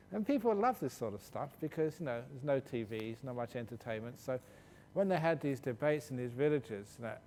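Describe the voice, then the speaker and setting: Jokey monk teaching in a reverberant hall. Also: male voice, darkish tone. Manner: humorous, laughs while telling stories. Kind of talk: answering questions at a meditation retreat. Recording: long hall reverb with faint low rumble.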